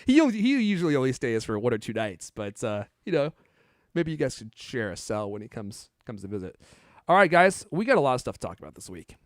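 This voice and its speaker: A man's voice: medium pitch, big pitch swings, normal speed, no echo, studio quality. Joking podcast host man. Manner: joking, teasing, laughs often. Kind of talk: casual chat.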